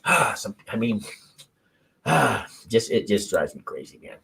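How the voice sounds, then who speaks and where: A man's voice: fairly low pitch, big pitch swings, a little slow, creaky, fairly bright tone, husky, poor audio. A man hosting a call-in show, talking off the cuff in a rambling, profane way with lots of restarts. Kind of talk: casual unscripted commentary.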